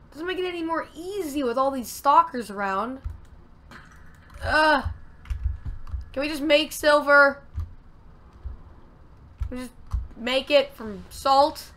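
A woman giving casual gameplay commentary, excitable and talking to herself, with loud frustrated outbursts. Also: high-pitched. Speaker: let's play gamer.

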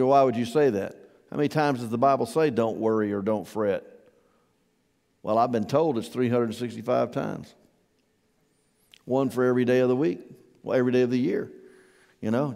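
A man's voice: mid-range voice, big-room sound. A man preaching a sermon as pastor, conversational and asking his congregation questions. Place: church hall.

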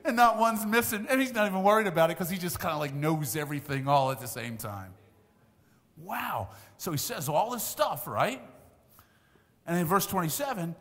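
A man's voice: fairly high pitch, animated, normal speed, fairly bright tone. A man in his sixties preaching a sermon as pastor, in a conversational, emphatic way with asides. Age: 60s. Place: church sanctuary. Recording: church hall reverb.

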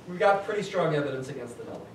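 A man's voice: a little high, animated, rapid-fire. A man teaching a statistics class, talking conversationally and thinking aloud as he works through examples. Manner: conversational, thinks aloud with restarts, tells asides. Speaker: statistics lecturer. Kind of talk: classroom lecture. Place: lecture hall. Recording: echoey classroom, distant mic, faint hum.

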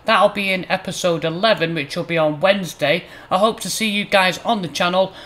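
A man hosting a gaming channel, commentating his own football game matches in a mock match-commentary style, flaring up loudly on near misses and goals. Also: sits high, a little fast. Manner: excitable, bursts loud on chances and goals. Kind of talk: playful mock match commentary over gameplay.

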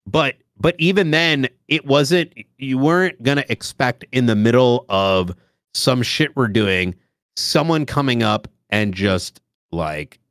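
A man's voice: medium pitch, expressive, takes it slowly, fairly bright tone, no echo, studio quality. A man hosting a casual chat, laid-back and slangy, often restarting his sentences. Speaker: host streamer. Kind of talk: casual chat about roleplay gaming.

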